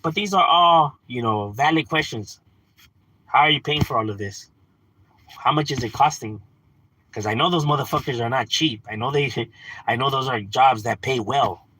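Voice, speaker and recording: A man's voice: mid-range voice, normal speed, bright, forceful tone, slightly rough. A man ranting casually on a livestream, swearing, slangy and laughing often. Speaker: livestream host.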